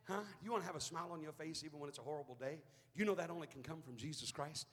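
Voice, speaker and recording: A man preaching an impassioned sermon as pastor, acting out the people in the story and building to shouts. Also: a little high, racing, long reverb tail. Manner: impassioned, plays out bible characters, rising to shouts.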